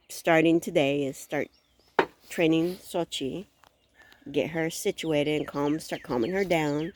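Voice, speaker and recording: A woman's voice: deep voice, darkish tone, slight background noise. A woman vlogging from a rural campsite, telling stories animatedly with gasps and exclamations. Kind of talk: casual vlog chat.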